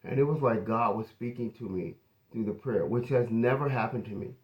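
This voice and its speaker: A pastor telling a personal testimony in an earnest, conversational way. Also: male voice, medium pitch, fairly quick, darkish tone.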